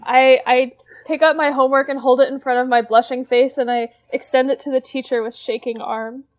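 A woman's voice: high-pitched, flat delivery, a little fast. A woman playing a tabletop role-playing game, giggly and playful as she describes her character's actions. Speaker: player.

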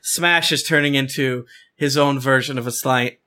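A man's voice: medium pitch, steady tone, normal speed, sharp tone, clean tone. A man running a tabletop game as game master, playful and rambling, with many restarts and fillers. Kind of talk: narrating a tabletop game session.

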